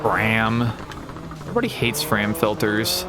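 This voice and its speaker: A man's voice: fairly low pitch, lively intonation, a little slow, heavy background noise. A man giving casual, rambling commentary on a game playthrough, thinking aloud with wry asides. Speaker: gaming channel host. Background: racing game sounds and music.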